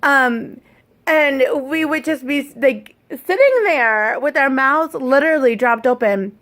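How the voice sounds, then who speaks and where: A woman's voice: sits high, animated, unhurried, fairly bright tone. A woman co-hosting a casual chat as a parent, explaining carefully and thoughtfully and rephrasing her questions as she goes. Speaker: parent and co-host.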